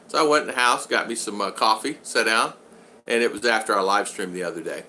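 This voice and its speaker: A man's voice: on the low side, quick pace, bright, forceful tone, slight background noise. An older man hosting a casual live-stream vlog, rambling along and reading out viewer comments. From United States. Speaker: vlog host.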